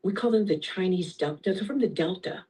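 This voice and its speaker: Hesitant participant, husky breathy voice, sounds far from the mic. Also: mid-range voice, expressive, a little fast, a little mellow. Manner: hesitant, searching for words. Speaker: workshop participant. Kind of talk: casual conversation.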